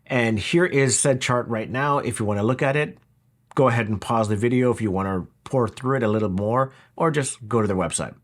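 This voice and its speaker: A man's voice: mid-range voice, fairly quick. A man talking through a product review in a casual, wry, conversational way. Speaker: audio equipment reviewer.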